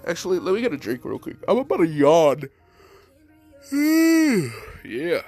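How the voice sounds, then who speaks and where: A man's voice: on the high side, sing-song, quick pace, warm tone, soft background music. A man with a stuffy nose, casually narrating his own fan story, rambling and loaded with fillers.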